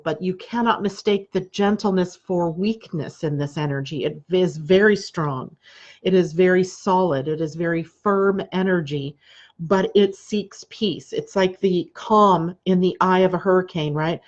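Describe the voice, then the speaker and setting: A woman astrologer hosting a live stream, talking calmly and repetitively, often checking in with "right?". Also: on the low side, dull audio. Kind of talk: live-streamed spiritual talk.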